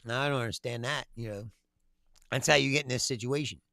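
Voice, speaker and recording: Here the political commentary host speaks fast in a medium-pitched voice with vocal fry and a sharp edge, cursing heavily and laughing often. No room sound is audible.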